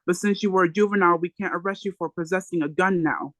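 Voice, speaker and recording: A blustering male police officer who accuses, as a reader puts him on. His voice is bright and sits dry on the mic. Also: medium pitch, quick pace, no room sound, close to an everyday voice. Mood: accusing.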